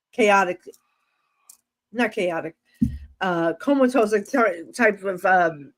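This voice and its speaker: A woman with a New Jersey accent, a guest psychic medium telling stories in a lively conversational way with many fillers. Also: medium pitch. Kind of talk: animated storytelling in conversation.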